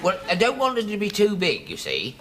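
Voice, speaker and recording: Man, high voice, wildly swooping pitch, dithering customer, hesitant, noisy studio. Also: huge pitch swings, a little fast. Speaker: comedy actor playing a customer. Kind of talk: sketch rehearsal.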